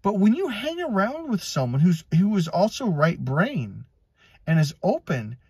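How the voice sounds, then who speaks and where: A middle-aged man from Wisconsin telling personal stories as a life coach, animated and acting out quoted voices. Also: unhurried, husky, no room sound. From Wisconsin, USA. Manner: animated, swings between high and low pitch, acts out quotes. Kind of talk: personal storytelling monologue.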